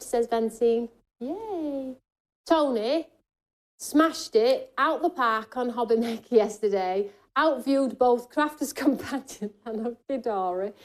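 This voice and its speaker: A woman's voice: fairly high pitch, darkish tone. Woman, shopping show host, chatty, jokey, reading viewer comments. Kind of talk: live craft shopping presentation.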